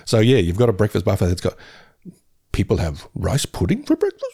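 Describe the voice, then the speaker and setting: A man's voice: fairly low pitch, lively intonation, fairly quick, warm tone, slightly rough. A man co-hosting a podcast, bantering in a jokey way with frequent laughs. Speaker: podcast co-host. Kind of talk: casual chat.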